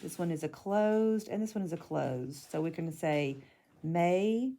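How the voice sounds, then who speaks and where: A woman teaching a phonics lesson, calmly narrating each step as she marks and divides words. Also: fairly low pitch, normal speed.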